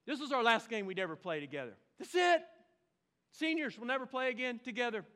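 A man from Oklahoma, preaching a lively, storytelling sermon with sudden bursts of shouting. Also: very high-pitched, a little fast. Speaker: pastor.

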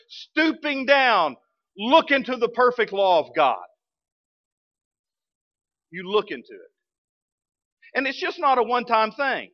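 A man pastor, preaching a sermon with animated, humorous storytelling and bursts of emphasis. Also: very high voice, lo-fi sound. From Arkansas, US.

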